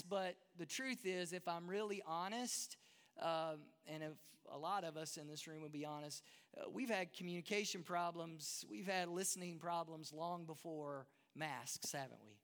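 A man's voice: high-pitched, bright, forceful tone, clear, resonant tone. A man with a Texan accent, preaching a conversational, self-deprecating sermon to a church congregation, often restarting words. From Texas. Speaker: pastor. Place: large church hall. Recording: long hall reverb.

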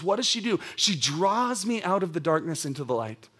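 Young adults pastor in his thirties, male, higher-pitched voice; casual, animated sermon delivery. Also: fairly quick, few pauses, breathy edge. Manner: conversational, animated storyteller with casual asides.

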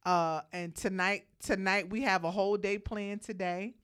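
A woman's voice: medium pitch, fairly even intonation, normal speed, a bit bright, clear, resonant tone. Woman, radio co-host, playful banter, laughs a lot, studio mic. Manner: joking, laughing, teasing. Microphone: studio microphone.

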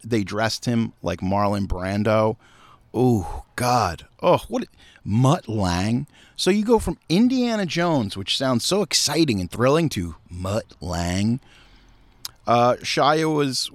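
A man hosting a podcast outdoors, riffing in animated, profane casual chat. His pitch is mid-range but swings widely. The sound is dry and close. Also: unhurried, no room sound. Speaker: podcast host.

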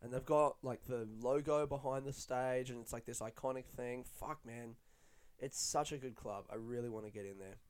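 A young adult man, a stand-up comedian, rambling in a casual, excitable monologue full of swearing. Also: medium pitch, moderate pace, clear, resonant tone. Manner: profane, chatty, excitable.

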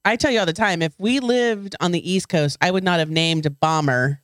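A woman's voice: on the low side, moderate pace, dry recording, clean studio sound. A woman from South Texas with a Texan accent, co-hosting a podcast in blunt, playful casual chat. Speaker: podcast co-host.

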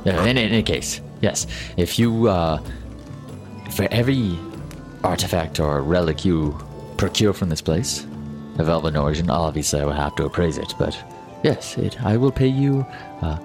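A fussy, stammering merchant, as a man puts him on, deep-voiced and eager to please. He hesitates and agrees with everything. Music plays clearly behind him. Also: a little slow, long pauses. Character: fussy male merchant hiring adventurers.

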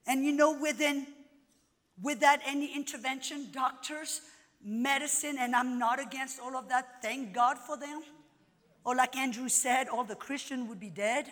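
A woman's voice: high-pitched, steady tone, normal speed, a bit bright, in a large hall. A woman Bible teacher preaching a sermon at a live event. She speaks emphatically and repeats her phrases with rising force. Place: large hall at a live event.

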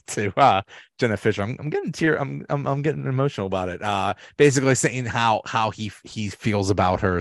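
A man's voice: mid-range voice, no echo, studio quality. A man hosting a solo podcast, recapping episodes in a rambling, casual way with restarts and laughs. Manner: rambling, many restarts and fillers, laughs often. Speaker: podcast host.

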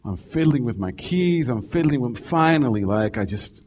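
A man's voice: medium pitch, lively intonation, moderate pace, a little mellow, slight background noise. A man preaching a sermon as a personal story, conversational and constantly checking in with "right?". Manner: conversational, keeps asking "right?".

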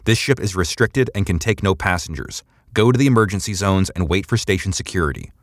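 A man's voice: low voice, expressive, fairly quick, no echo, studio quality, pitched above the performer's own voice. A man voicing a stern, armed woman who gives curt orders to a crowd in an audiobook. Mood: commanding. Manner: curt, commanding.

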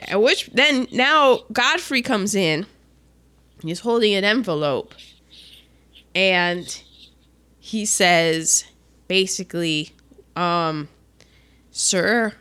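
Bright-voiced woman retelling a film. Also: medium pitch, very slow, pauses often, clean tone. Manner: animated, acts out quotes with laughs. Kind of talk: casual chat retelling a film.

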